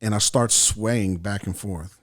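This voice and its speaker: A man from El Salvador tells a wild story on a podcast, swearing freely and playing out his own inner voice. His voice sits a bit low, and his delivery is loose and animated. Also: unhurried. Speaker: podcast guest, actor and writer. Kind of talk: casual storytelling chat.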